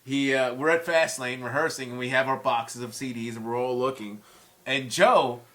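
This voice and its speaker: A man's voice: medium pitch, normal speed, fairly bright tone. A man in his forties, a guest musician in a casual chat, telling stories with heated, profane language. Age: 40s.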